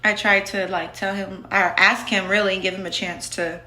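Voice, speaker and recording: A woman's voice: mid-range voice, level tone, normal speed, bright, forceful tone, reverberant. A woman telling her own story in a casual, candid, blunt way, full of "like". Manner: candid and blunt, with many fillers of "like".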